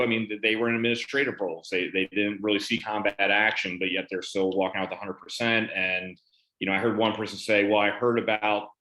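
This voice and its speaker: On a panel, a veteran with a lowish, sharp-toned voice casually recounts a story about his benefits, quoting the conversations back. The room gives off a noticeable echo.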